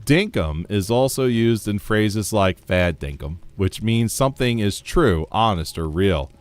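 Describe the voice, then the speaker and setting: A man from the United States chats casually through a game stream in a low voice. He reads chat aloud and laughs often. Faint music plays behind him. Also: expressive, unhurried, dry recording.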